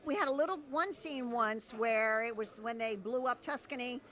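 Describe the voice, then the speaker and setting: A woman's voice: a little high, moderate pace, fairly bright tone. A woman, a soap opera actor, reminiscing casually and chattily in an interview.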